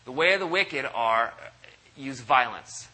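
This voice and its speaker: A man preaching a sermon at a church service, animated and acting out quoted voices. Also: a little slow, husky, rough recording. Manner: animated, acts out quoted voices with big pitch jumps. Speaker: pastor.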